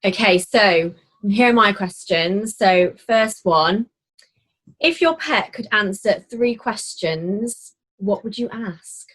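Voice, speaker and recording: A woman's voice: medium pitch, animated, slow, fairly bright tone, breathy edge, rough recording. A young woman, a youth leader, speaking reflectively in a casual chat, hesitating with many ums.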